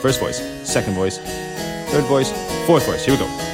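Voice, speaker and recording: A man's voice: medium pitch, animated, moderate pace. A man hosting a music lesson, patiently explaining step by step while he plays a keyboard. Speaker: music educator and host. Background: harpsichord playing.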